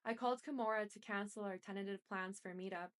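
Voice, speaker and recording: A woman reads a first-person memoir aloud with intense, emotional delivery. Her voice sits at a middle pitch for a woman, and she carries the tension of the story line by line. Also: quick pace, clean tone. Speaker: reader. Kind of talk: dramatic first-person book reading.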